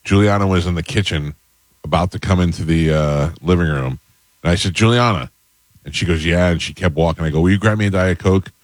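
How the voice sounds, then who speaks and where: A man's voice: deep voice, steady tone, a little fast, no echo. A man hosting a morning radio show, telling stories in a dry way. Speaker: radio host. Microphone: studio microphone.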